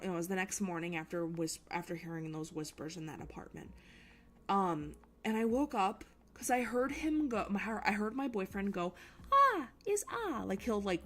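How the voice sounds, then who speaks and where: A young woman streaming from her desk at home, telling a story in a rambling, casual way and swearing freely. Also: lowish voice.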